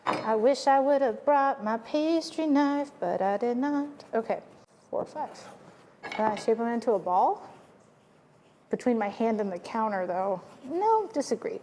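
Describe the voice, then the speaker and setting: A woman's voice: fairly high pitch, animated, measured pace, mellow, big-room sound, a little hiss or hum. A woman chatting playfully while she cooks, joking and rambling through asides. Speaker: home cook vlogger. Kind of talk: casual cooking vlog chat.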